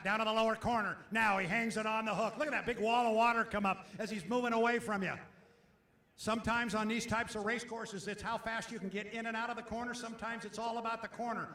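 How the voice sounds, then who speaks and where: A man calling live boat race commentary, excited and shouting as the action peaks. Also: extremely high pitch. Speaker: race announcer.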